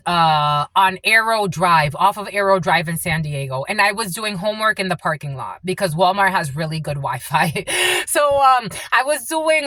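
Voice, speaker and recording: A woman's voice: mid-range voice, pushed and bright, no room sound. Rambling woman giving a psychic reading. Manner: rambling, frequent "like" and "uh" fillers. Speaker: spiritual channeler.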